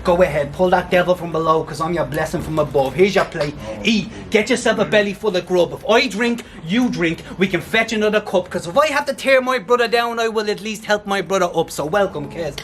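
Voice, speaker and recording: A man spits taunting battle-rap verses in a strikingly high, strained register, mocking his rival and breaking into laughter between lines. He performs outdoors, and a steady wash of loud background noise sits under his voice. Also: brisk, few pauses. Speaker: battle rapper. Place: outdoor event. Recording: noisy outdoor event.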